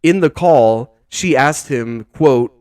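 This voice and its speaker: A man's voice: medium pitch, slow, a little mellow, no room sound, clean studio sound. A man hosting a casual podcast, rambling and exasperated, with lots of filler words and slang. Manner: rambling, heavy use of "like", "dude" and "bro"; incredulous, exasperated. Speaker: podcast host.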